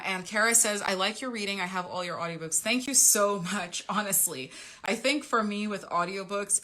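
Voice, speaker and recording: A woman's voice: on the low side, pushed and bright. A young woman, a romance author, chatting casually on a livestream and rambling through updates for her readers. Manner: chatty, rambling, reads out viewer comments.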